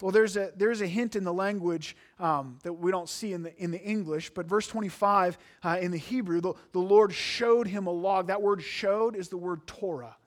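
Earnest high-voiced male preacher. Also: normal speed, few pauses. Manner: earnest, emphatic, with repeated restarts. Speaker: pastor. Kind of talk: sermon.

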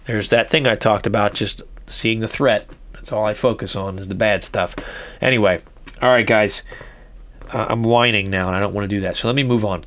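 A man's voice: fairly low pitch, fairly even intonation, normal speed, a bit bright, slight background noise. A middle-aged man hosting a solo podcast, rambling and self-reflective, with many restarts. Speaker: podcast host. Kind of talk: casual solo podcast monologue.

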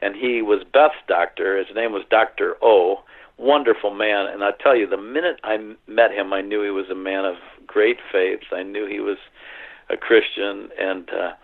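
A middle-aged man recounting a personal story in an earnest, halting way, full of fillers and restarts, over a phone line. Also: on the low side, steady tone, gravelly. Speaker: interview guest.

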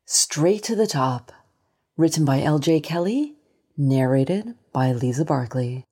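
A woman narrating a short story in a measured, deliberate scripted reading. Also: deep voice, expressive, warm tone, husky.

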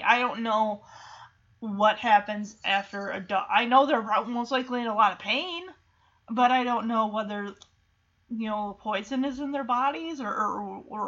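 A woman's voice: a little high, fairly bright tone. A woman casually retelling a movie in a chatty, emotional way with lots of fillers. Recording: dull lo-fi recording.

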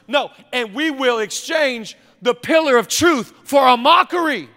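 A man's voice: extremely high pitch, expressive, a little slow, sharp tone. A male pastor preaching a sermon in a conversational, emphatic way, with repeated phrases, recorded in a large church auditorium. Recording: long reverb of a big hall.

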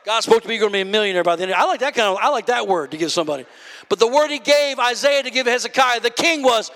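A man preaching a sermon with passion, often shouting, building to high cries and calling out to the congregation. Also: animated, rapid-fire. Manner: calls out to the congregation.

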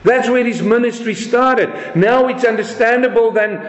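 Preacher, male, high voice, rhetorical, dull echoey recording. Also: normal speed. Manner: rhetorical questions, emphatic scripture reading. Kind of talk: sermon. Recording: echoey room, dull sound.

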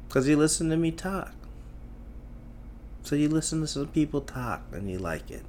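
Man, deep voice, from Tamil Nadu, podcast host, solo rant, blunt, heavy swearing, emphatic repeats. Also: darkish tone, a little hiss or hum. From Tamil Nadu, India. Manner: profane, blunt ranting; self-mocking, emphatic repetition.

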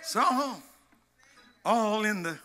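High, bright, slow-chanting preacher man. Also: over music. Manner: shouting and half-singing in a call-and-response cadence. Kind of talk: chanted gospel sermon.

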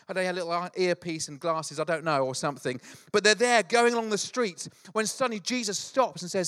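Man, middle-aged pastor, high voice, animated storytelling sermon. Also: fast talker, hardly any pauses. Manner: animated storytelling with acted asides.

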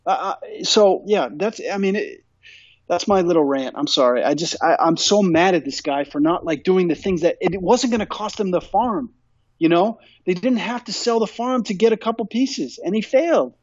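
A man's voice: sits high, normal speed, breathy edge, dry recording, muffled recording. A man co-hosting a sports podcast, ranting emphatically and repeating his points in casual chat. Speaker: podcast co-host.

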